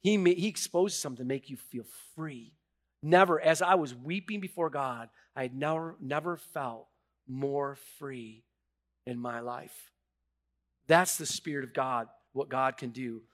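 A middle-aged pastor delivers a sermon in an unhurried, mid-range voice. He moves from hushed confession to loud, rising emphasis, and when moved he halts and repeats words.

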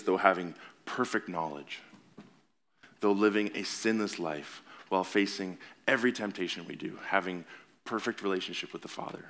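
Deep-voiced man preaching a sermon. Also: a bit bright. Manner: earnest, conversational preaching with rising emphasis. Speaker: pastor. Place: church sanctuary.

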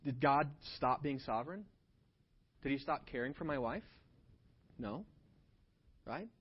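A man preaching a sermon, telling a personal story in an animated way that swings between hushed and loud. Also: a little high. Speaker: pastor. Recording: dull lo-fi sound.

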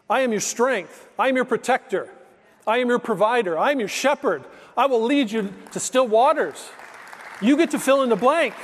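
A man's voice: extremely high pitch, long reverb tail. A male pastor preaching a sermon, telling stories in an emphatic, conversational way.

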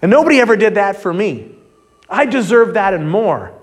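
A man's voice: sits high, very animated, normal speed. A man preacher voicing a resentful, self-righteous older brother from a parable. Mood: indignant. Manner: indignant, complaining.

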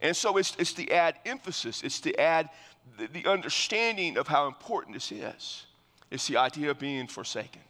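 A man's voice: a little high, big pitch swings, normal speed, bright, forceful tone, big-room sound. A male pastor preaching verse by verse in an earnest, explanatory way, often restarting his phrases. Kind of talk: verse-by-verse sermon.

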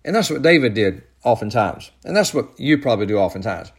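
A man preaching a sermon as pastor, building to loud, emphatic peaks and then dropping low and soft. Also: very animated, fairly quick, breathy edge.

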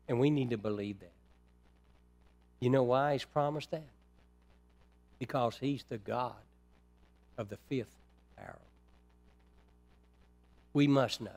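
A man preaching a sermon who addresses the congregation as brethren, moving between quiet, low passages and loud, emphatic ones. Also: creaky.

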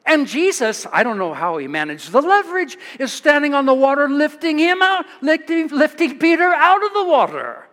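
Animated American pastor preaching in a reverberant church. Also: male voice, moderate pace, few pauses. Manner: animated, chuckling storyteller, rises in pitch for dramatic moments. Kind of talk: sermon. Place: church sanctuary.

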